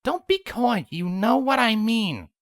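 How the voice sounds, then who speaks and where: A woman voicing a tired, exasperated young female pony princess in a storybook reading, with a deadpan, weary delivery. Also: on the high side, a little slow, no echo, studio quality, pitched above the performer's own voice.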